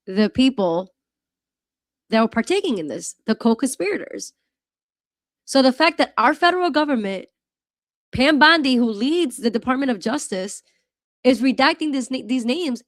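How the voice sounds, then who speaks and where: A woman's voice: sits high, lively intonation, measured pace, pauses often, no echo, studio quality. A woman hosting a reaction video, talking casually in a worked-up, rambling way with frequent restarts and apologies. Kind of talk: casual commentary.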